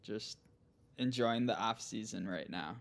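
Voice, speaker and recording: A young man from Minnesota, a guest on a podcast, talking casually and relaxed, laughing easily. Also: lowish voice, unhurried, vocal fry. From central Minnesota, US. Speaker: guest, pro cyclist. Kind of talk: casual interview chat.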